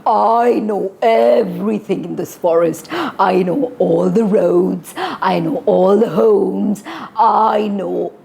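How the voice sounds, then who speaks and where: A woman voicing a sly, smooth-talking male wolf in a children's story enactment, speaking slowly and coaxingly. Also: mid-range voice, dark tone. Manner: slow, coaxing, drawn-out.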